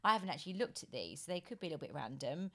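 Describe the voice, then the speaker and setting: A woman's voice: low-pitched, very animated, very fast, sharp tone. Chatty woman podcast co-host. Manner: chatty, self-deprecating. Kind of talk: casual chat and ad read.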